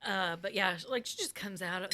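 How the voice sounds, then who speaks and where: A woman co-hosting a casual recap podcast, reacting and chiming in with quick, chatty comments. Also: mid-range voice, sharp tone. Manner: chatty, laughs and chimes in. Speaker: podcast co-host.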